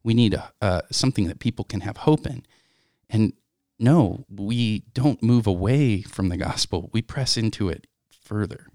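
A man with a low, deep voice speaks slowly and reflectively about faith. The sound is dry and close, with no room around it. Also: mellow, no room sound. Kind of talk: casual faith conversation, reading scripture.

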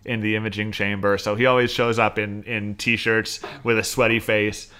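A man with a bright, forward voice chats casually as a podcast co-host. He talks with animation and slips into quoted lines of dialogue, laughing along the way. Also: on the low side, flat delivery, moderate pace, clear, resonant tone. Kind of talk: casual chat recapping a TV episode.

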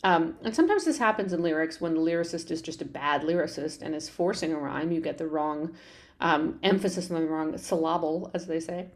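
A woman's voice: low voice, brisk. A woman podcast host talking through a show tune's lyrics in a conversational, explanatory way, with frequent fillers and restarts. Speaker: podcast host analyzing a musical. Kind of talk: conversational analysis.

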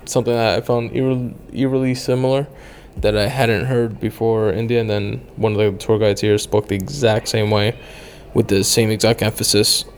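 A man's voice: on the low side, little pitch movement, normal speed, a little hiss or hum. A young man chatting loosely about his travels, rambling with lots of fillers and casual swearing. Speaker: travel vlogger.

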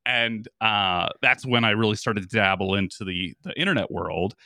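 A man with an announcer-type voice, telling his story as a podcast guest in an energetic, casual way, with many restarts and fillers. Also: on the low side, normal speed, no echo, studio quality. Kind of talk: casual conversation.

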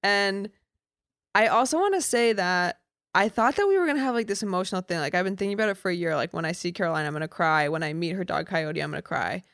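A young woman co-hosting a podcast from a home setup, in casual chat full of quick jokes and asides. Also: lowish voice, fairly bright tone, dry recording, clean studio sound. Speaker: podcast co-host.

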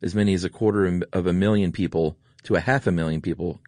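Male co-host, very low voice, dry close sound, easygoing joker. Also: fairly even intonation, fast talker, darkish tone, dry recording. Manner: laid-back, jokey storyteller. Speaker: podcast co-host. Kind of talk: casual conversational chat.

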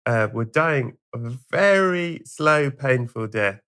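A man hosts a podcast interview in an easy, wry tone. He speaks at an ordinary male pitch. His delivery is relaxed and conversational. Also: slow, clean tone. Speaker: podcast host. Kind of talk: casual interview chat.

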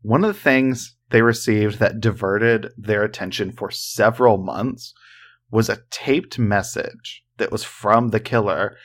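A man's voice: fairly low pitch, unhurried. A man co-hosting a casual true-crime podcast, talking in a joking, rambling way full of fillers. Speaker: podcast co-host.

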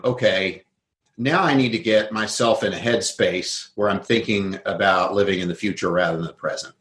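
A man's voice: on the low side, fairly bright tone, reverberant, low-quality recording. A man giving a conversational interview, thoughtfully explaining his ideas through worked examples. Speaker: guest.

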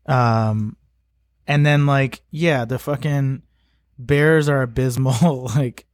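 A man's voice: medium pitch, fairly even intonation, slow pace, no room sound, studio quality. A man co-hosting a sports podcast, talking bluntly with swearing and frequent laughter. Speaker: podcast co-host. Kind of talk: casual sports chat.

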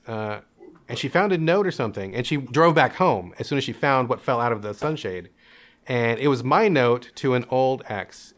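A young man telling a candid personal story in an interview, animated, acting out his parents' voices and laughing often. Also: medium pitch. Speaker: interview guest.

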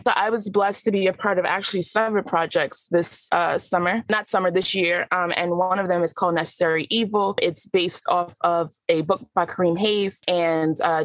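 A woman's voice: lowish voice, no room sound. An actress guest answering interview questions, upbeat as she talks about her work and business. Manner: upbeat, promotional.

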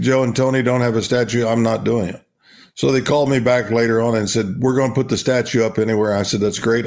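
An older man with a gravelly, creaky edge to his voice, speaking at an average pitch. He rambles through stories in a relaxed interview, restarting and repeating phrases. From Oklahoma. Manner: storytelling, repeats himself, warm laughs. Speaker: guest, retired baseball player.

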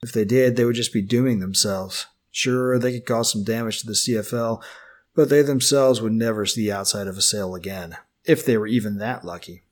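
A male audiobook narrator with a husky, slightly raspy voice. His voice sits low, and he reads in a steady, expressive manner. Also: fairly quick.

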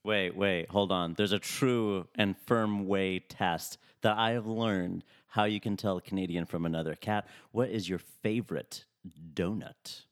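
A man's voice: low voice, fairly even intonation, a little slow, no echo, studio quality. A man co-hosting a casual podcast, teasing and joking in banter. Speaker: podcast co-host. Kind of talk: casual chat.

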